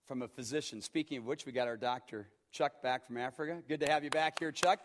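A middle-aged male pastor preaching a sermon, emphatic, swinging from hushed tones to shouts. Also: medium pitch, quick pace.

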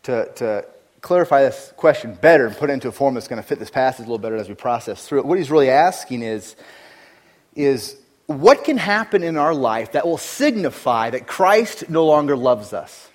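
A man preaching a sermon as a pastor, with rhetorical questions and repetitions, swinging between loud emphatic passages and hushed, intimate ones. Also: mid-range voice, very animated, brisk. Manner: frequent rhetorical questions, repeats and restarts.

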